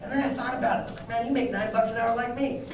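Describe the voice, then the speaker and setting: A young adult man giving a lively motivational training talk to a live group, telling stories and putting questions to the audience. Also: extremely high pitch, fast, noisy background. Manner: energetic, storytelling, asks the audience questions. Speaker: network marketing trainer. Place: training room before an audience. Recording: very echoey room, mic at a distance.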